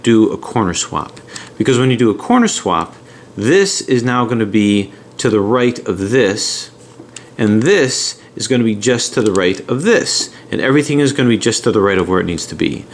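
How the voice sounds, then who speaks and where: A man's voice: lowish voice, slight background noise. A middle-aged American man talking casually as he explains and unboxes puzzles. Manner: chatty, talks while handling puzzles. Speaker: puzzle channel host.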